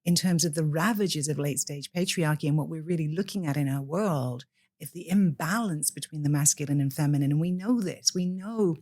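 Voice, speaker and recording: A woman's voice: low-pitched, a little fast, darkish tone, dry recording. A woman from the UK, a priestess guest in a podcast interview, speaking in an impassioned, preacher-like way.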